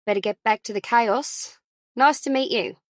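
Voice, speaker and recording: A woman voicing a friendly, chatty young mum with an Australian accent in an audiobook, talking brightly and briskly. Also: fairly high pitch, no echo, natural voice. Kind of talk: audiobook character voice.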